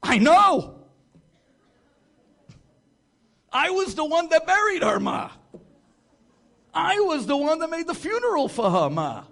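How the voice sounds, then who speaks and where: A frantic grown son, as a man storyteller puts him on, blurting everything out in a high, pressed voice. He speaks in urgent bursts and exclamations. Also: expressive, unhurried. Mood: alarmed.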